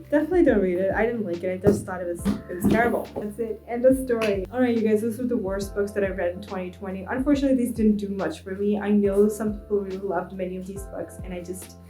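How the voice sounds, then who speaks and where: A young woman vlogger giving a blunt, exasperated casual book review. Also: medium pitch. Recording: echoey room with soft music behind.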